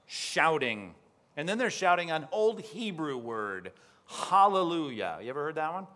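Animated man preaching a sermon. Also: on the high side, unhurried. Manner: lively teaching, often asks the congregation questions. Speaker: pastor.

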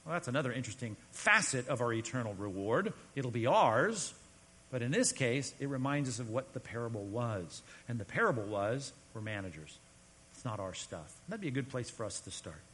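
A man preaching a sermon as pastor, conversational and emphatic, often dropping suddenly to a quiet, low voice. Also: very animated, fairly quick, husky, in a large hall.

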